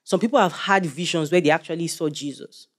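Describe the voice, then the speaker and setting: A young man preaching a sermon, animated and joking as he quizzes the congregation. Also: on the high side, fairly quick.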